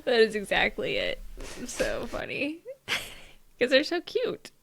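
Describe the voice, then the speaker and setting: A woman's voice: a little high, wildly swooping pitch, slow pace, gravelly, a bit bright. A woman co-hosting a podcast in casual chat, bubbly and chatty, laughing often. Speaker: podcast co-host.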